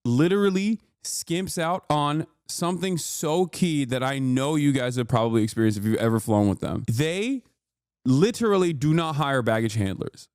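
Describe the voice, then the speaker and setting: Ranting with heat and profanity, a livestream host in his thirties fills casual stream chat with fillers, speaking into a studio mic routed through a mixer. His voice is a little high and expressive, moderately paced, slightly mellow, clear and resonant, with no echo.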